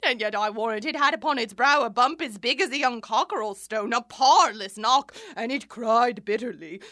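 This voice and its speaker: A woman's voice: a little high, moderate pace, sharp tone, no room sound, studio quality. A woman playing a garrulous, bawdy old nurse in Shakespearean stage acting, laughing and rambling. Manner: garrulous, laughing, wildly swooping delivery.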